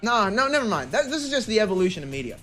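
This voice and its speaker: A man's voice: high-pitched, sing-song, very fast, sharp tone, soft background music. A young man streaming, chatting casually and rambling with frequent restarts and self-interruptions.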